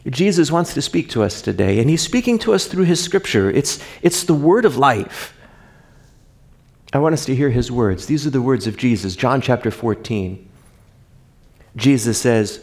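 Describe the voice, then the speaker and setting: A pastor preaching a sermon, rising for rhetorical questions and dropping soft when reading scripture. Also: male voice, medium pitch, expressive, moderate pace.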